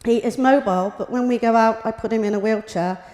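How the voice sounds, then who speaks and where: A woman's voice: on the high side, brisk, dark tone. A middle-aged woman giving a prepared personal talk as a carer, in a plain, matter-of-fact way. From United Kingdom. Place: hospital lecture room. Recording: reverberant hall.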